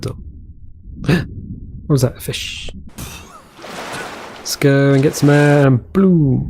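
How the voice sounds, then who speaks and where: A man's voice: medium pitch, takes it slowly, long pauses, a little mellow, slight background noise. A man giving casual, chatty commentary over his own gameplay, easily delighted and trailing off mid-sentence as he explores. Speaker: let's play host.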